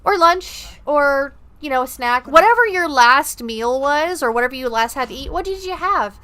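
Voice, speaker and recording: A woman's voice: sits high, animated, moderate pace, pushed and bright. A young woman streaming a horror game, chatting casually with viewers in a rambling, profane way. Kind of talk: casual gaming-stream chat.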